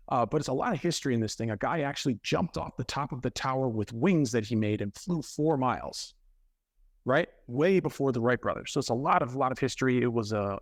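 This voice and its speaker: Animated storytelling man on a podcast. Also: medium pitch, dry recording, studio quality. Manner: animated, with quick self-corrections. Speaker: podcast guest. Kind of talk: conversational storytelling.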